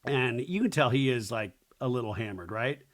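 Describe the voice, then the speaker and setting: A man's voice: medium pitch, animated, normal speed. A young adult man hosting a solo podcast, sarcastically recapping a reality show in casual chat, swearing freely and mocking people in exaggerated quoted voices.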